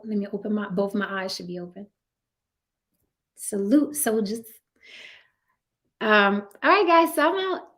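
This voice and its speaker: Wrapping up her stream, a young woman host talks to chat casually, laughing as she reads viewer comments and teases them in slang. Her voice is medium-pitched and fairly bright.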